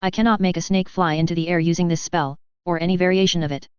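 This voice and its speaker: A woman's voice: fairly low pitch, steady tone, fast talker, clean tone, no room sound, highs cut off, lightly acted. A woman voicing a vain, defensive male wizard professor who talks insistently in a storybook reading. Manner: insistent, self-justifying.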